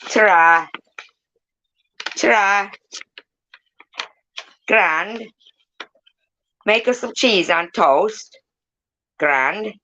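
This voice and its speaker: A woman doing an impression of her cheerful cousin, a homely northern English man, with a higher voice than her own. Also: extremely slow, long pauses, bright, forceful tone, highs cut off, heavily acted. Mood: cheery.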